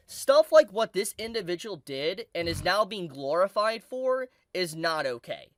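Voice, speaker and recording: A YouTube commentator delivering scripted video commentary in a mock-serious, dramatic tone of condemnation, recorded close on a dry mic. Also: medium pitch.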